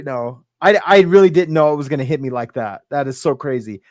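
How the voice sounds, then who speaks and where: A man's voice: medium pitch, normal speed, darkish tone, dry recording. Middle-aged guy rambling through a story, dry close sound, choked up. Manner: rambling, full of "right?" and "like". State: emotional, near tears. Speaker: podcast guest. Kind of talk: personal storytelling.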